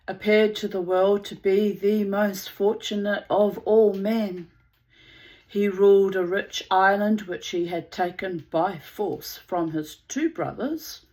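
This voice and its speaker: Slow, unhurried woman storyteller. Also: medium pitch, a little mellow, poor audio. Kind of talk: reading myths aloud, with casual asides.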